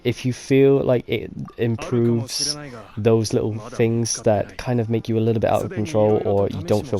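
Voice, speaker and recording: A man's voice: lowish voice, dark tone. A young man casually commenting while he plays a video game, rambling and musing aloud with lots of fillers. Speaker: let's play gamer. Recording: game music playing behind.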